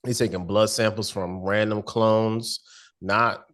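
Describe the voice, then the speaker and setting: A man's voice: fairly low pitch, steady tone, slow pace, fairly bright tone. A man co-hosting a casual review chat, laid-back and slangy, laughing often. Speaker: podcast co-host.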